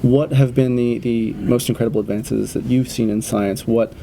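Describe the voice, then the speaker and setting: A man interviews a guest on a convention floor, asking his questions hesitantly with plenty of fillers. His voice has a gravelly edge. Clear background noise from the busy floor runs under the recording. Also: mid-range voice, steady tone, moderate pace, warm tone. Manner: hesitant, many uhs, brief reactions.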